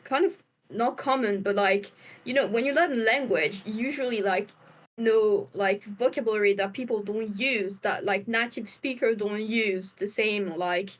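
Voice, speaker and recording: A woman co-hosting a casual chat, listening closely, agreeing and laughing, and making her points in halting phrases. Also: mid-range voice. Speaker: podcast co-host.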